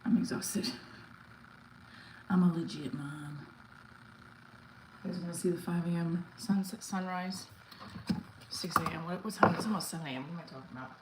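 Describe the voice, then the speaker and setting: A woman's voice: on the low side, normal speed, pauses often, background noise. A middle-aged woman chatting casually on a live stream while she exercises, out of breath, thanking viewers for their comments. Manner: chatty, reads and thanks chat comments mid-workout. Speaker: livestream host. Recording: roomy echo with faint ambience.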